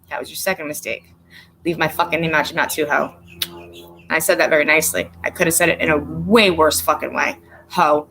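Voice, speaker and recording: A woman's voice: lowish voice, bright, forceful tone, a little hiss or hum. Blunt, profane woman livestreaming. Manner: blunt, profane, talks straight to chat; greets viewers by name between stories. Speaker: livestream host. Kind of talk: casual livestream chat.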